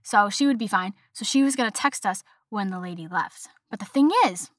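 On her solo podcast, a twenty-something woman vents in an exasperated, conversational way, mimicking others' words. She speaks at a medium pitch with lively intonation and a slightly fast pace, captured in a dry, clean studio recording.

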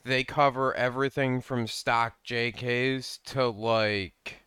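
Man, mid pitch, very crisp resonant voice, bright tone, teasing easygoing co-host. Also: fairly even intonation, slow, no room sound, clean studio sound. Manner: easygoing, teasing, laughs along. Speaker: podcast co-host. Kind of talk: casual chat.

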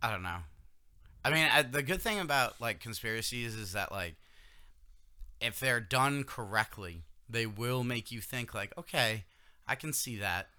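A man's voice: mid-range voice, lively intonation, normal speed, sharp tone, clean tone, no echo, studio quality. A man co-hosting a casual podcast, rambling about conspiracies and laughing often. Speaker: podcast co-host. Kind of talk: casual chat.

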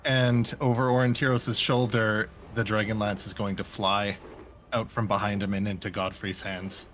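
A man's voice: lowish voice, level tone, normal speed, fairly bright tone, a little hiss or hum. A man playing in a live tabletop game, talking in a hesitant, casual way and chuckling as he goes. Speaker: player.

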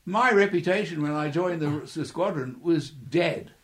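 Older man telling lively anecdotes. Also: a little high, normal speed. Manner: chuckling storyteller who acts out quoted voices. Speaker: interviewee, former air force pilot. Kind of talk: anecdotal reminiscing.

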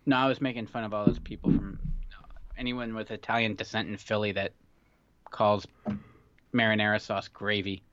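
A man's voice: on the low side, little pitch movement, moderate pace, long pauses, fairly bright tone, muffled recording. A man co-hosting a podcast in casual, joking chat. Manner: joking, teasing. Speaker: podcast co-host.

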